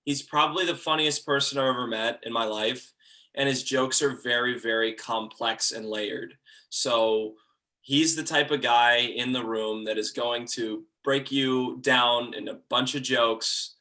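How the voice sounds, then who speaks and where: A man's voice: mid-range voice, pushed and bright. A young man from Georgia, a college sports broadcaster, talking earnestly and playfully in a casual interview. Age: young adult.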